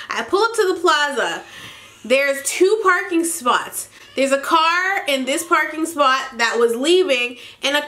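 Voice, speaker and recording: A woman's voice: on the high side, bright, forceful tone. A young pregnant woman vlogging, telling an exasperated story in a casual ranting style and swearing freely. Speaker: beauty vlogger.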